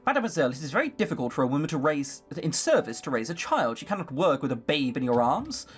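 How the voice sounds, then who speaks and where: A reader voicing a quiet, wistful grown maid in a visual novel, plainly read with no put-on accent. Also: medium pitch, sing-song, fast, husky, soft background music.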